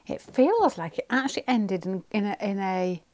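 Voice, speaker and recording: A woman reads tarot cards at home for a pick-a-card video, with a voice pitched in the middle range. She thinks aloud as she goes and rambles through her reading. She often breaks off and restarts her sentences. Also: lively intonation, normal speed, a little mellow.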